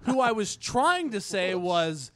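A man's voice: sits high, very animated, takes it slowly, fairly bright tone, no room sound. A man co-hosting a casual podcast, rambling and correcting himself, laughing often. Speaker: podcast co-host. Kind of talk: casual chat.

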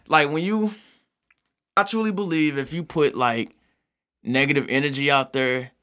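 Bright-voiced man in casual chat. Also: a little high, moderate pace, clear, resonant tone. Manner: laid-back, profane, swings into animated quoted voices.

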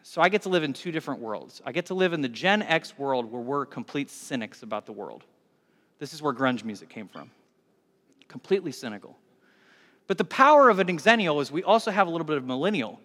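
A man in his forties preaching a sermon as pastor, animated, swinging between hushed and loud. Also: a little high, brisk. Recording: long hall reverb.

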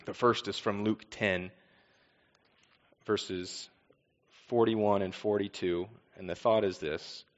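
A man's voice: lowish voice, fairly even intonation, slow, pauses often, in a large hall, highs cut off. A man preaching a sermon as pastor, with a conversational delivery, rhetorical questions and repeated refrains.

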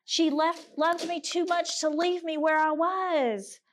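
A woman's voice: extremely high pitch, steady tone, slow, a little hiss or hum. A middle-aged woman giving a candid, earnest talk to a women's gathering, mixing personal stories with scripture readings. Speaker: women's ministry speaker. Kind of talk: conversational sermon with scripture reading.

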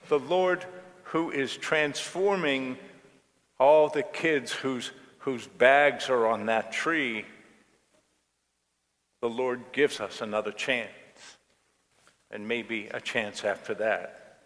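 A male pastor delivering a sermon at a very unhurried pace, his mid-range voice telling a story. The church around him adds a long, trailing reverb. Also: mid-range voice, steady tone, a bit bright.

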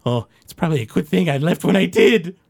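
Dude doing a jittery professor voice, muttery, kinda high and weird-sounding. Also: male voice, fairly quick, creaky, a little mellow. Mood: relieved. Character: nervous male professor, relieved he got away.

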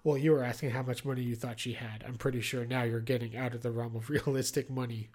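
He talks fast, his darkish, medium-pitched voice barely moving up or down. As a podcast co-host, he recaps a TV episode in loose conversation, joking offhandedly with plenty of fillers.

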